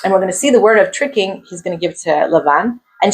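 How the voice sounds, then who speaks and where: A woman teaching the weekly Torah portion in a lively, questioning way, sprinkling in Hebrew terms and acting out the figures' voices. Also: mid-range voice, a little fast, low-quality recording.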